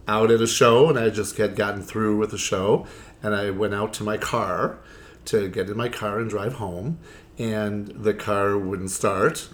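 This drag performer speaks in a lowish, unhurried voice with fairly even intonation. Telling stories during a relaxed interview, he is chatty and theatrical, filling gaps with "you know" and voicing the people in his anecdotes.

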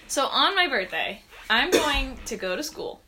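A woman's voice: high voice, very animated, measured pace, crowd noise. A teenage girl co-hosting a podcast in casual chat, bubbly, joking and self-assured. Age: teens. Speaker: podcast co-host.

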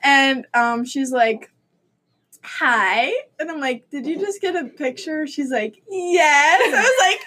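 High-voiced woman telling a story. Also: normal speed, hardly any pauses. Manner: animated storytelling, acts out quotes, laughing. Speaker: host. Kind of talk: casual chat.

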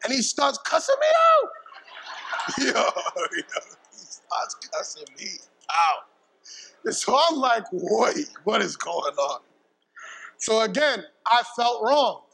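Guy preaching, high voice, lively storytelling w some slang thrown in. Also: takes it slowly, long pauses, big-room sound, slight background noise, rough recording. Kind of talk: sermon with a personal story. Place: church pulpit.

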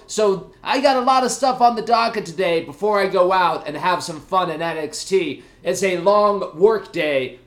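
A young man hosting a casual podcast to camera, energetic and jokey as he chats with his viewers. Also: high-pitched. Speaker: podcast host. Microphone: camera mic.

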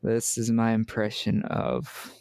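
Excitable, swearing man with a gravelly voice. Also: on the low side, slow pace. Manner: swears often, laughs a lot, excitable. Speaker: podcast co-host. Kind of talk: casual chat.

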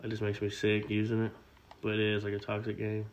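A man's voice: lowish voice, completely flat delivery, fast talker, slight background noise. Young man in joking, teasing chat. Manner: joking, teasing, swears freely. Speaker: podcast co-host. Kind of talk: casual chat.

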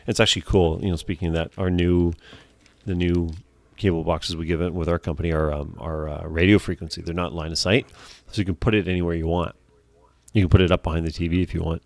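A man co-hosting a casual podcast chat, telling animated stories, acting out what others said and swearing casually. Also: deep voice, fast talker, gravelly, no room sound. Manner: animated storytelling, acts out quoted voices. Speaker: podcast co-host.

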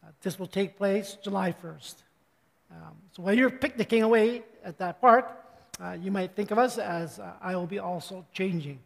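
An older male pastor preaching in a relaxed, joking way, his fairly high voice a little hoarse. He clears his throat often between his points. The sound carries a long reverb, as in a church hall. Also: normal speed. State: slightly hoarse. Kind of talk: sermon.

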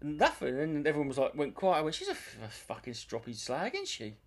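A man's voice: a little high, wildly swooping pitch, brisk. A man, co-hosting a casual comedy podcast and telling crude, jokey stories about a gig. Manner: crude, jokey storyteller who breaks into silly singing. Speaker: co-host, stand-up comic.

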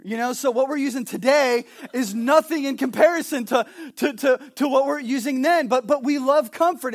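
A man preaching a sermon as pastor, swinging from animated storytelling to hushed, earnest points. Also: high-pitched. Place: Hawaii.

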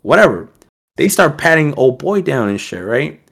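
A man's voice: a little high, normal speed, gravelly. A young man telling a story as a podcast guest, casual and profane, acting out the voices of the people in it. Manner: profane, animated, acts out quoted voices.

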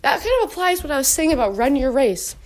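A young woman casually talking to her viewers at home about faith and dating, chatty and animated. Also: sits high, quick pace. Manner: chatty, animated, talks to her dog between points. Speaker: Christian advice vlogger. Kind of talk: casual faith talk to camera. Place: at home indoors.

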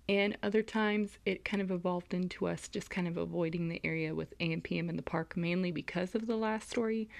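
A woman's voice: fairly low pitch, creaky, a little mellow. A young woman from California casually telling a creepy personal story, rambling with lots of likes and ums. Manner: rambling, heavy use of like and um. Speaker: podcast host.

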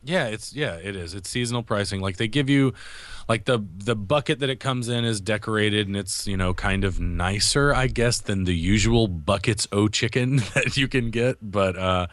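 A young man chatting on a podcast in a somewhat low voice. He rambles, restarting and correcting himself as he goes. The sound is dry and close, with no room echo. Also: moderate pace, fairly bright tone. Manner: rambling, self-correcting storyteller. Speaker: podcast co-host. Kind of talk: casual chat. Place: living in Japan.

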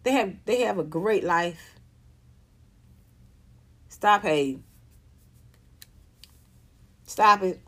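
A woman's voice: mid-range voice, lively intonation, extremely slow, pauses often, a bit bright. Emphatic, profane woman in her fifties. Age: 50s. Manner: emphatic, profane, repeats herself. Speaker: vlogger. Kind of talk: ranting monologue.

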